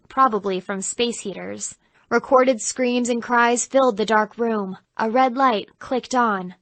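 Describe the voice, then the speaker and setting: A woman narrating an audiobook in an even, clear storytelling voice. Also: a little high, no room sound.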